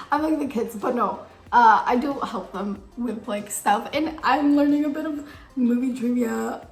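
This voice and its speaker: Giggly high-voiced young woman vlogger. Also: a little slow. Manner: giggly, chatty, many fillers. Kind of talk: casual storytelling. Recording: roomy echo with faint music.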